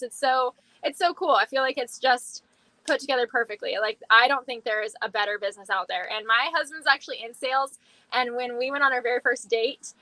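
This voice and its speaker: Young woman, very high bright voice, bubbly and gushing, dry close sound. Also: dry recording, rough recording. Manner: bubbly, gushing, laughs often. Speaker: guest on a live stream. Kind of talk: casual chat.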